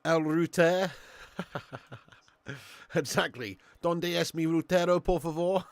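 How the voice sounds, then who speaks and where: A man's voice: a little high, fairly even intonation, slow pace, clear, resonant tone, no room sound. A young man hosting a live football watch-along who chats, swears and laughs, bantering with viewers in the chat.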